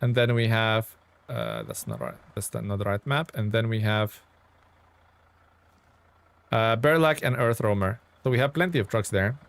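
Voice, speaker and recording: A man's voice: on the low side, big pitch swings, moderate pace, creaky, pauses often. A man streaming a game live, chatting casually with viewers and rambling through his thoughts with frequent restarts. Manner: rambling, restarts often, answers chat by name.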